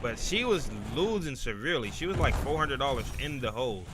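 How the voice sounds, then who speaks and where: A young man streaming a game, rambling through a personal story in a casual, profane way, often asking "you feel me" and getting louder when worked up. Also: mid-range voice, big pitch swings, fairly quick, music in the background. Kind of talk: casual storytelling while gaming.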